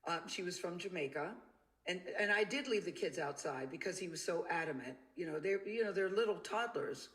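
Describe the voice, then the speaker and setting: A woman's voice: on the low side, brisk. A woman telling a personal story in an interview clip, acting out the voices she quotes. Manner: animated, acts out the quoted voices. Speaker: interview guest.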